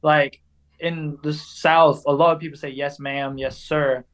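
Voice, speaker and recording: Chatty young English-born man, fairly high voice. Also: level tone, measured pace, a bit bright. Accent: English, softened after years in the American South. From England. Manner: chatty, laughs often, says "dude" and "like" a lot. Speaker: guest, racer. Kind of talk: casual podcast chat.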